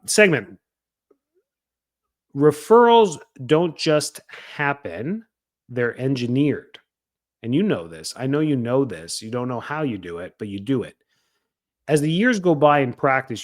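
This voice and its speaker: Chatty, energetic man coaching. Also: medium pitch. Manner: energetic and chatty, acts out quoted lines. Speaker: podcast host coaching chiropractors. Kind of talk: casual coaching talk.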